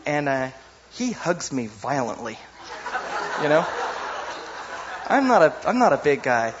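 A man preaching a sermon in a lively, conversational way, often asking the audience "you know?". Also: a little high, a little slow, muffled recording, very noisy.

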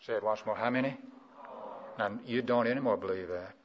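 A man preaches with a call-and-response rhythm, urging listeners to answer back. His voice dips low and quiet, then climbs loud and high on key words. The old recording sounds dull and muffled. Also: fairly quick, slight background noise. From South Carolina. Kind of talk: sermon.

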